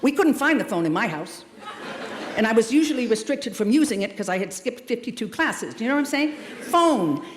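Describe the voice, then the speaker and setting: A woman's voice: a little high, a little fast, a little hiss or hum. Emphatic woman speaking in an echoing hall. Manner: warm, emphatic, addresses graduates as "loves" and "darlings"; animated, dramatic delivery with playful asides. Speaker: commencement speaker. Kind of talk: commencement speech. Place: large hall at a school ceremony. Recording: echoey hall, long reverb.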